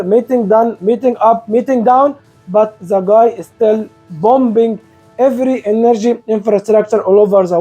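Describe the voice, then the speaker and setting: Indignant high-voiced man ranting sarcastically. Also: mellow. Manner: indignant, sarcastic, rhetorical questions. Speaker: commentary video host. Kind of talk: opinion monologue.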